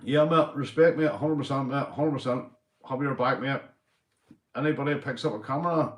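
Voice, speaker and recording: A man's voice: medium pitch, moderate pace. A Northern Irish man chatting casually on a live stream, slangy and swearing freely, calling everyone mate. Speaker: livestreamer. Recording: roomy echo.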